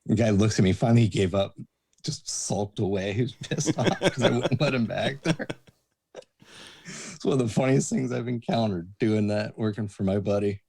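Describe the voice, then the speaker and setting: Dark-toned male bartender telling stories. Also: lowish voice, moderate pace, vocal fry, slightly rough. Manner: animated anecdotes, acts out quoted voices. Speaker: guest, bouncer and bartender. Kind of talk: casual storytelling chat.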